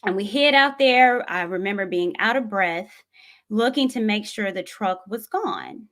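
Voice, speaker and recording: A woman's voice: mid-range voice, unhurried, fairly bright tone. A woman from Tennessee, telling a personal story in an earnest, reflective way as a vlogger. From Tennessee, USA.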